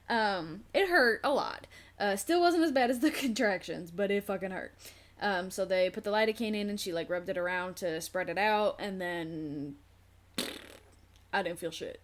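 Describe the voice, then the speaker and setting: A woman's voice: mid-range voice, moderate pace. Candid young woman vlogger swearing freely. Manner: candid, frank, swears freely, many fillers; acts out quoted nurses and herself. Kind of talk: casual storytelling.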